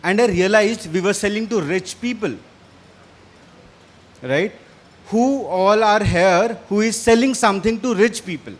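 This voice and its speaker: A man with an Indian English accent, slightly hoarse, giving an energetic interactive business talk on stage. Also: high voice, a little slow, pauses often. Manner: energetic, quizzes and challenges the audience. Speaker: business speaker. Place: stage in front of a live audience.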